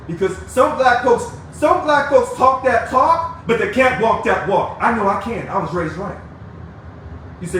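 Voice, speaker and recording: A man's voice: extremely high pitch, lively intonation, a little slow, pushed and bright. An angry man giving a combative, preachy video rant to union members, calling people out and taunting them. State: angry, fired up. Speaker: union activist addressing members. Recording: echoey, distant mic with faint noise.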